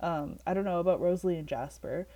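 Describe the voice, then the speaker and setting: A woman with a somewhat low voice co-hosts a casual book-discussion podcast. She talks in a loose, chatty way, leaning on "like" and stopping to read passages aloud. She sounds like she is on a remote call with her co-host. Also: quick pace, warm tone. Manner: chatty, heavy use of "like", reads passages aloud.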